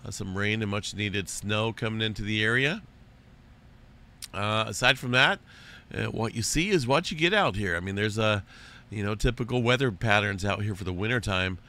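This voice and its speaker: Hoarse, folksy man with a bright voice. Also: lowish voice, moderate pace. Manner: folksy and loose, calls viewers folks. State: hoarse with a lingering cough. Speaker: host of an earthquake and weather update channel. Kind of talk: casual spoken weather update.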